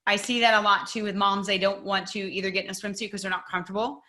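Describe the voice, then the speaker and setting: A woman's voice: mid-range voice, level tone, fast talker, pushed and bright. A woman fitness coach hosting a podcast interview, encouraging and upbeat.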